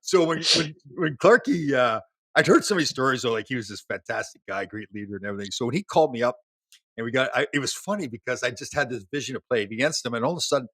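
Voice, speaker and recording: A man in his sixties, a former hockey player, telling lively stories as a guest in an interview. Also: mid-range voice, fast talker, breathy edge, no room sound. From Canada. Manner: animated storyteller, laughs, many restarts. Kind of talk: casual storytelling interview.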